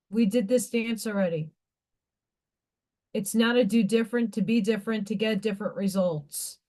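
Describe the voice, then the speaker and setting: A woman's voice: fairly high pitch, a little mellow. A woman hosting a live craft stream, talking about spiritual growth in a passionate, preachy way and swearing freely. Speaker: livestream craft host.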